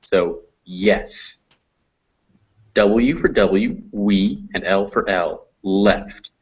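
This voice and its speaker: An American man teaching phonetics in a classroom lecture, slowly drawing out example sounds. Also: fairly low pitch, a little mellow, slightly rough. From United States. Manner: slow, drawn-out demonstration of sounds. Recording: dull lo-fi classroom recording.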